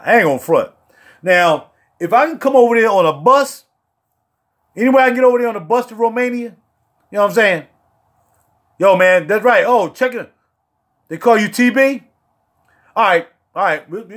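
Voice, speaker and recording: A man's voice: high-pitched, fairly bright tone. A man hosting a casual livestream, joking and talking in slangy street talk with playful outbursts. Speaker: fragrance reviewer and livestream host.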